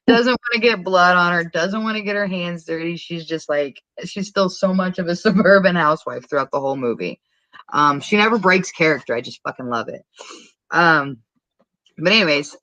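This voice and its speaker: Woman, podcast co-host, casual film recap, rambling and swearing, bright tone, dry sound. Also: lowish voice, no room sound, poor audio. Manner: rambling, profane, laughs often. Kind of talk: casual movie recap chat.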